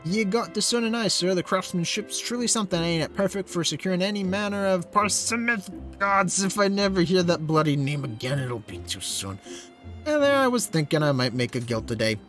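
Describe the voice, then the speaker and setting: A man voicing a grumpy, fed-up male tinkerer in a video game, low and muttering. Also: animated, brisk, fairly bright tone, soft background music. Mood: irritated.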